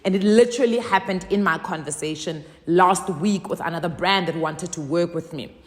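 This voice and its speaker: A South African woman talking to camera as a content creator, telling stories with lively swings and acting out both sides of phone calls. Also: fairly low pitch, normal speed, long reverb tail. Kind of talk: casual vlog talk.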